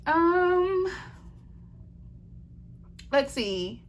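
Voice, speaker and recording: The host of a diamond painting channel, an adult woman who is a wife and mother, is chatty while she crafts and responds to viewer questions. She laughs a lot and leans heavily on "y'all." Her voice is medium-pitched, fairly bright and a little slow, with slight background noise.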